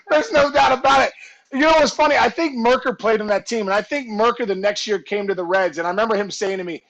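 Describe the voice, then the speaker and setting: High, gravelly-voiced animated man storyteller. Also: a little fast, rough recording. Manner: animated, acts out voices and shouts in his stories. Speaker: guest storyteller, former ballplayer. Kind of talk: casual storytelling chat.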